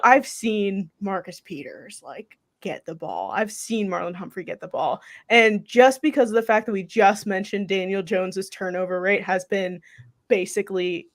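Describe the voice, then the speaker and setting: A woman co-hosting a casual sports podcast, chatty and thinking aloud, with lots of 'like'. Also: medium pitch. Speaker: podcast co-host.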